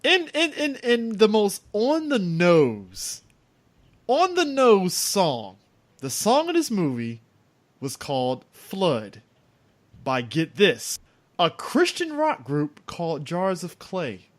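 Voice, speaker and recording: A man's voice: high-pitched, huge pitch swings, takes it slowly. A man co-hosting a casual movie podcast, making wry, emphatic points. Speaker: podcast co-host.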